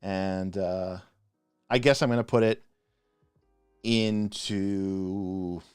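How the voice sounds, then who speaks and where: A man co-hosting a live stream, ranting passionately in a casual, animated way with frequent restarts. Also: low voice, drawn-out words, clean tone, no room sound, studio quality, faint music behind. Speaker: podcast co-host reviewing game spells.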